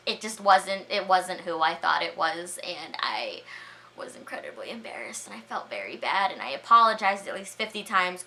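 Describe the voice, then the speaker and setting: A young woman vlogger telling embarrassing stories in a chatty, animated way, full of "like" and "all right?" asides. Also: lowish voice, normal speed. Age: young adult. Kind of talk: storytime vlog.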